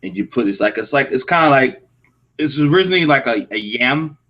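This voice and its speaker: A man from Africa co-hosting a casual chat, telling stories in an animated, slangy way. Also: medium pitch, a little fast, dull audio. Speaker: co-host. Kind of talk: casual live-show chat.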